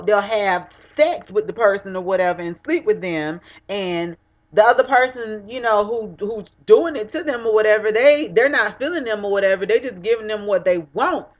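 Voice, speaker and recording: A woman's voice: mid-range voice, moderate pace. A young woman delivering a heated, profane vlog rant straight to the camera, blunt and cutting. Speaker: vlogger. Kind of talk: ranting vlog monologue. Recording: dull lo-fi webcam audio.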